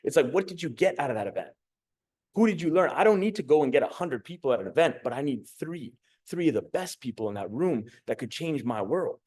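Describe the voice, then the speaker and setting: His voice is a little high with a breathy edge, and he talks fairly quickly. He's a young communication coach giving an informal pep talk, peppered with swearing and animated stories where he voices the quotes himself.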